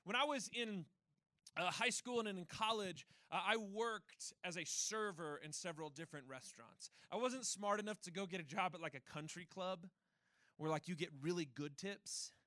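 A young man delivers a sermon in a relaxed, conversational, self-deprecating way. His voice sits very high and rings bright. The sound is dry and close, with no room around it. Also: normal speed, no room sound. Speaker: pastor.

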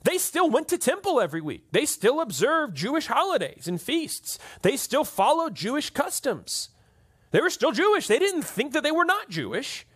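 A man's voice: extremely high pitch, sing-song, normal speed, fairly bright tone. A man preaching a conversational sermon to a church audience, often checking in with "right?". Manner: conversational, keeps asking "right?". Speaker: pastor.

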